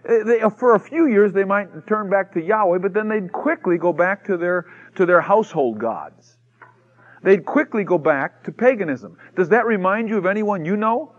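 A man preaching a sermon, telling a story with lively acted-out quotes that swing from shouts to hushed asides. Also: sits high, moderate pace, dull audio. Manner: animated storytelling, acts out quotes with shouts and mock whispers.

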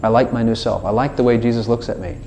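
A man with a mid-range voice preaches at a quick pace against slight background noise. It's an informal sermon, conversational in tone, in which he lively enacts his own prayers and God's replies with changing voices.

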